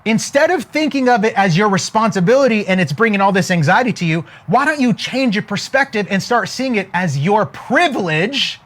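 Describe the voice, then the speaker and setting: A man's voice: sits high, expressive, fairly quick, few pauses, fairly bright tone. A man voicing a sweet elderly Cajun woman therapist, folksy and plain-spoken, calling him honey. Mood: gently firm.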